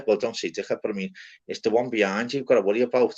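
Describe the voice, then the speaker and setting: A man's voice: fairly low pitch, fairly even intonation, rapid-fire, a little mellow, breathy edge. A man in casual chat who swears constantly, calls everyone lad and mate, and rambles bluntly. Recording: slightly dull lo-fi audio.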